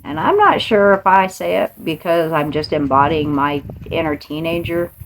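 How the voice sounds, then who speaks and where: Brief: middle-aged woman host, low-pitched, playful pep talk with frequent laughs. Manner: playful, laughs often, slips into voices. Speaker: podcast host. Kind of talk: motivational monologue.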